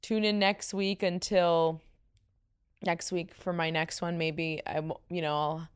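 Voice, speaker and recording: A woman's voice: on the low side, little pitch movement, unhurried, smooth. A young woman with a New York accent, hosting a casual podcast, tired and rambling, laughing often. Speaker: podcast host. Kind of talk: casual chat.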